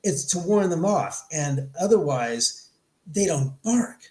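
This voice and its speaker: Animated man telling a ghost story. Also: on the high side, slow pace. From Los Angeles. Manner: animated, acts out quoted dialogue. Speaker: podcast guest. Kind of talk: storytelling in an interview. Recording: echoey room.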